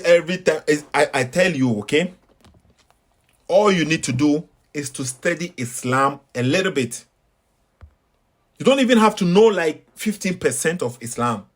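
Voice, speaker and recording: A man with a Ghanaian English accent, talking casually to his audience while waiting for a call, repeating his points emphatically. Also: a little high. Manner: preachy, repeats himself, emphatic. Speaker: online debate host. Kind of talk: casual commentary between calls.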